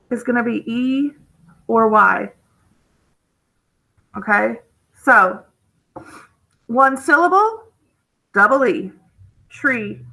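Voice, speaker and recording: A woman's voice: a little high, sharp tone, poor audio. A woman, teaching a recorded phonics lesson in a chatty, encouraging way and often checking in with "okay?".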